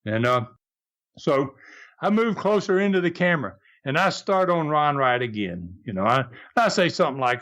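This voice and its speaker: A man's voice: a little high, moderate pace. An older man, hosting a podcast and telling stories, acting out the quotes with energy. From American South. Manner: animated, acts out shouted quotes. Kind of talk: storytelling chat.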